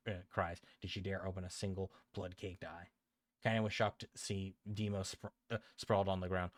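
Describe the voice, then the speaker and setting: Brief: low-voiced male streamer reading a story, dry sound, frequent self-corrections. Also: dry recording.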